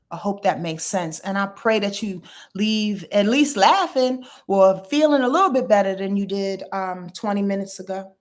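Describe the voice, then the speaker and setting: A middle-aged woman astrologer chatting casually with her viewers on a livestream, blunt and animated, telling stories and swearing freely. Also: mid-range voice, normal speed. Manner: blunt, animated storytelling with profanity and laughs. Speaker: astrologer and tarot reader.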